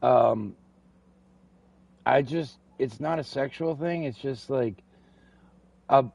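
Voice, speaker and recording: A man's voice: medium pitch, takes it slowly, gravelly, a little mellow, poor audio. A man casually commenting on his gameplay, rambling and interrupting himself. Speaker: game streamer.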